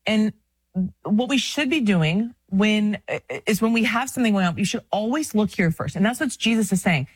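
A woman's voice: mid-range voice, animated, normal speed, husky, no room sound. A woman in her thirties co-hosting a casual faith talk, earnest and chatty, often breaking into laughs. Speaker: podcast co-host.

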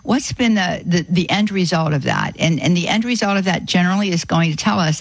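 A woman's voice: medium pitch, expressive, fast talker, few pauses, husky, no echo, low-quality recording. A woman hosting a call-in radio show, talking in an effusive, heartfelt way and thanking callers over and over. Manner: warm, effusive, repeats "beautiful" often. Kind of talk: Catholic radio call-in chat.

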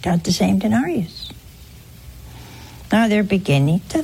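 A woman's voice: medium pitch, lively intonation, slow, long pauses, a little mellow, husky. An older woman preaching a sermon, telling stories and acting out the voices in them, sometimes dropping to a whisper. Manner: storytelling with acted-out quotes and whispers. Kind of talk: sermon on a gospel parable.

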